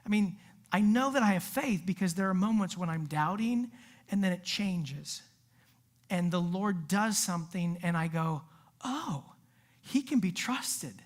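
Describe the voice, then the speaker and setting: A woman preaching a sermon in a casual, animated way, full of asides and acted-out quotes. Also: fairly low pitch, normal speed. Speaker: youth pastor.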